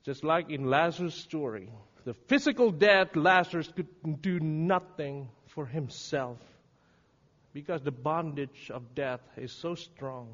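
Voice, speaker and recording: A man preaching a sermon, dramatic and swinging from hushed words to shouting. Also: a little high, a little slow. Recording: reverberant hall, dull lo-fi sound.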